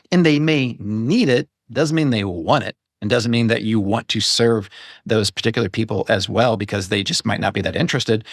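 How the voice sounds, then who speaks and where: A man appears as a podcast guest in a casual interview chat about running an online business, chatty and given to digressions and self-corrections. He speaks at a moderate pace in a lowish voice, with clean studio sound and no echo.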